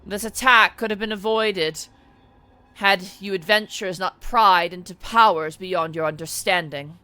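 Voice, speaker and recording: A man's voice: sits high, a little slow, bright, forceful tone, smooth, no room sound, faint music behind, heavily acted. A man voicing a stern masked city lord who formally accuses the heroes in a tabletop game. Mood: accusing.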